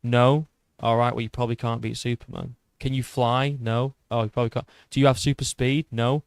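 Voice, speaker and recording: A young British man in his twenties holds forth on a livestream, cursing freely and tripping over false starts as he argues back at his viewers. His pitch sits in an ordinary middle range, and the sound is dry and close, with no room around it. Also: flat delivery, brisk, no echo. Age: 20s. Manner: swears often, restarts sentences, argues with a rough edge. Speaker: YouTube MMA channel host. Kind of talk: casual livestream chat reading viewer comments.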